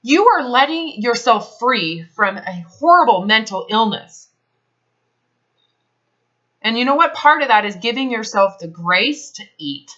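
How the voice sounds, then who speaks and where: Blunt, animated woman counselor, bright voice. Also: fairly high pitch, measured pace. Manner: blunt, profane, emphatic. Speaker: health advisor. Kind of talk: confrontational counseling session. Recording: dull lo-fi recording.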